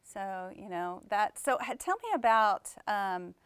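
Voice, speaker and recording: A woman with a Texan accent hosting an interview, upbeat and gushing. Her voice is smooth and clear. The recording is dry and close, with no room echo. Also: medium pitch, unhurried, fairly bright tone. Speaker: host. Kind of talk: casual interview chat.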